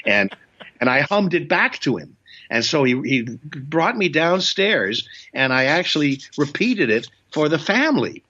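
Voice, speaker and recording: Appearing as a guest in a casual storytelling interview, an older comedian and voice actor from Indiana, United States, rambles through anecdotes, often restarting and chuckling. His voice is on the high side and sharp, very animated but a little slow, and the sound is lo-fi.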